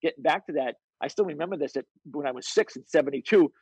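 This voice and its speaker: Husky-voiced man, blunt and profane. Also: a little high, fast, darkish tone, dry recording, rough recording. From North Shore of Boston, USA. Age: 50s. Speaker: podcast guest, fitness coach. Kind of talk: casual storytelling chat. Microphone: video call.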